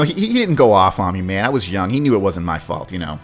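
Animated man telling a story. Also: lowish voice, fast talker, hardly any pauses. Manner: animated, swears, acts out quoted voices. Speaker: podcast host. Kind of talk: casual storytelling. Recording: faint music behind.

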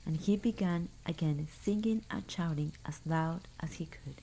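A woman reading a fairy tale aloud in a soft, hushed, unhurried ASMR bedtime style. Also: sits low, a little hiss or hum, low-quality recording. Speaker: storyteller.

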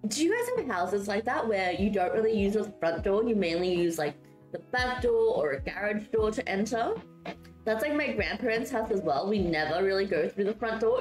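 A chatty woman streamer builds in a life-sim game during a casual live stream, giggling freely as she reads out and answers her chat. Having just woken up, her voice is still sleepy and not warmed up, though her pitch swings widely. The room echoes noticeably, with faint music underneath.

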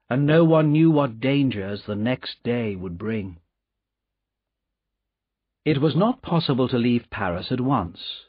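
A man narrating an audiobook with slow, lively storytelling. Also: mid-range voice, husky, dry recording. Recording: dull lo-fi recording.

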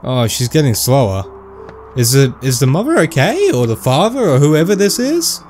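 A man with an ordinary mid-range voice chats casually while playing a game. He reacts aloud and thinks out loud. Faint music sits quietly behind him. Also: medium pitch, sing-song, moderate pace. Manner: chatty, reacts aloud and reads game dialogue. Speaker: game commentator. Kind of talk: casual let's-play commentary.

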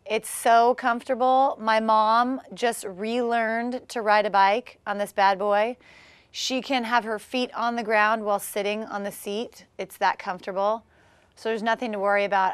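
A woman's voice: a little high, no echo. Bubbly woman chatting in an interview. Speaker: guest, former Olympic swimmer. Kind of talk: casual TV interview.

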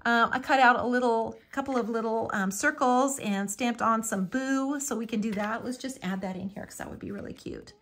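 A woman's voice: on the high side, normal speed, few pauses, fairly bright tone. Chatty woman hosting a craft tutorial. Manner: chatty and homey, fond of "little" and "so cute", with frequent ums. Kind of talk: live watercolor and papercraft tutorial.

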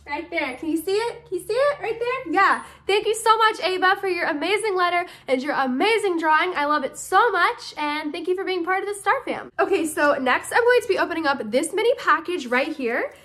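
Young woman vlogger, high and bright, excitable, gushing casual chat. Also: fairly quick, hardly any pauses. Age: young adult. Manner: bubbly and excitable, gushing with thanks. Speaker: YouTuber opening fan mail.

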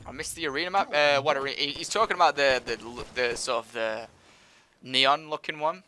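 A man's voice: medium pitch, a little fast, slight background noise. Guy streaming a shooter game, chatty, keeps yelping at the action, gunfire going off behind him. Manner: chatty, excitable, with sudden loud exclamations. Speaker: livestreamer. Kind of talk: live gameplay commentary. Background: video game gunfire and effects.

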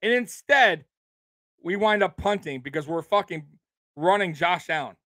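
A man's voice: sits high, expressive, moderate pace, pushed and bright, no room sound. Fired-up man ranting about football. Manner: heated, profane, laughing in disbelief. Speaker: sports podcast host. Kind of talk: casual ranting commentary.

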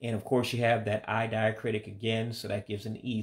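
A man giving a casual vocabulary lesson, speaking slowly and carefully, repeating words with some hesitant fillers. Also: fairly low pitch, level tone, vocal fry. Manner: slow, careful repetition of words. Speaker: language learner teaching vocabulary.

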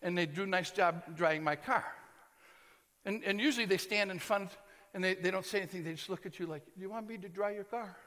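An American man preaching, telling a comic story with shouts and laughter in an animated way. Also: high-pitched, brisk. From United States. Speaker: pastor. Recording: long hall reverb.

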